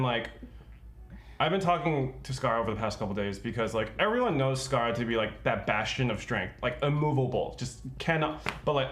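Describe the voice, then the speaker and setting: A young man, a streamer co-host, talking earnestly in casual chat and leaning on filler words. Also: medium pitch. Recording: roomy echo.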